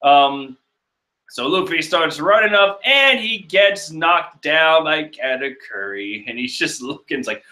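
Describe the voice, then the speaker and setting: Young male reactor, bright tone, animated, joking. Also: on the high side, takes it slowly, reverberant. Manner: animated, joking, chuckling asides. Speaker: comic reader and reviewer. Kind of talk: casual reading and reaction.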